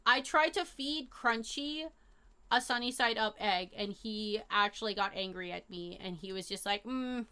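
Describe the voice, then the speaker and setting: A young woman streaming live, chatting casually with her viewers in a rambling, animated way full of fillers and slang. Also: medium pitch, normal speed, clean tone. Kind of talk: casual chat to a live chat audience.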